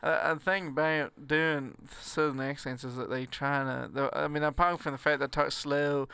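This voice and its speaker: A man's voice: a little high, little pitch movement, moderate pace, gravelly, bright, forceful tone, clean tone, no room sound. A man, a comedian chatting as a podcast guest, rambling with restarts and frequent laughter. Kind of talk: casual podcast chat.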